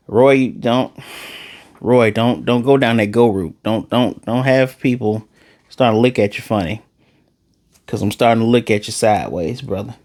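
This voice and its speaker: A man casually reviewing an anime episode in a sarcastic, animated way, his voice jumping high for emphasis. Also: no echo, clean studio sound.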